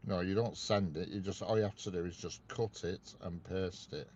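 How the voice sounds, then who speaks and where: A man with a very low, deep voice and a Northern English accent chats casually on a live stream, reading out viewer comments and ribbing them with dry humour. The audio is dull and lo-fi, with a faint hiss of background noise underneath. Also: normal speed, a little mellow. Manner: reads viewer comments aloud and teases them with dry banter. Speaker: railway live-stream host.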